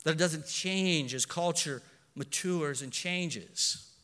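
A man preaching a sermon in earnest, swinging between soft asides and loud emphatic lines, correcting himself as he goes. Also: a little high, takes it slowly, in a large hall. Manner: self-correcting, with fillers.

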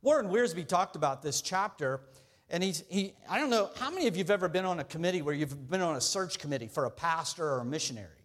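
A man's voice: fairly high pitch, lively intonation, fast. A male pastor preaching a sermon in a conversational way, joking with the congregation.

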